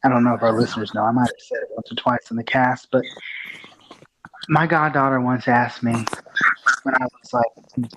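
A man co-hosting a podcast, telling a story in a measured, casual way. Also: medium pitch, steady tone, noisy background. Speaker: podcast co-host. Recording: muffled lo-fi audio.

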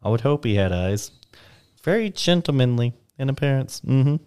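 A man's voice: mid-range voice, lively intonation, moderate pace, a little mellow, clear, resonant tone. A young man casually reading old newspaper history on a podcast, with playful asides and the odd put-on voice.

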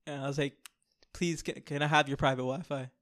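Animated, joking male podcast host. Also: fairly high pitch, a little fast, no echo, studio quality. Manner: animated, joking storyteller, loud bursts. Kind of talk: casual storytelling chat.

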